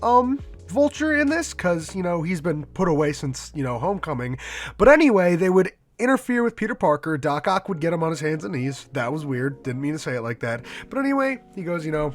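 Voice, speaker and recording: A man's voice: a little high, big pitch swings, a little fast, faint music behind. A man hosting a casual fan-theory vlog, rambling in a slangy, loose way and swearing now and then. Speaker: movie vlogger host.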